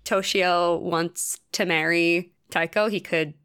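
A woman co-hosting a podcast in casual chat, talking quickly and laughing often. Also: fairly low pitch, steady tone, a bit bright, clear, resonant tone. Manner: quick, giggly, frequent laughs. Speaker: podcast co-host.

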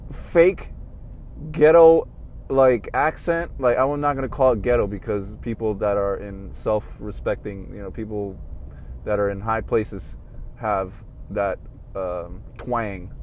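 A man hosting a podcast, ranting casually with lots of swearing, swinging from low mumbled asides to loud heated outbursts. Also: slight background noise. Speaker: podcast host. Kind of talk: casual rant monologue.

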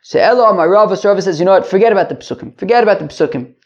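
A man's voice: high-pitched, expressive, racing, darkish tone, muffled recording. A man giving a daily Talmud lesson, explaining step by step and repeating phrases with rhetorical questions. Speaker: Talmud teacher.

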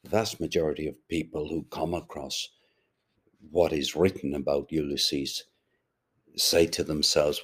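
Very deep, slow, husky man. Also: fairly even intonation, a bit bright. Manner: chatty asides, unhurried and explanatory. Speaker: audiobook reader and podcaster. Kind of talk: reading a novel aloud with commentary.

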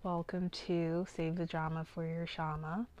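A woman speaks in a lowish, husky voice that is worn down by illness and close to giving out. She chats casually as a podcast host and says um often. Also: flat delivery, measured pace, darkish tone, poor audio. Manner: chatty, with frequent ums. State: sick, losing her voice.

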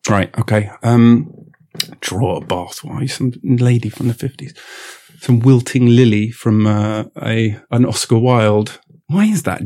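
A man's voice: mid-range voice, a little slow, darkish tone. A man hosting a podcast in a comedy sketch, talking in an exasperated, sarcastic, rambling way with stammered restarts.

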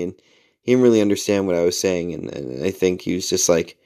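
A man in his forties with a fairly low voice, talking casually through a rambling podcast story. He pokes fun at himself, swears now and then, and leaps high in pitch whenever he acts out what someone said. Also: animated, normal speed, dark tone. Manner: rambling and self-mocking, with mild swearing; jumps high in pitch to act out quoted lines. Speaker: podcast host.

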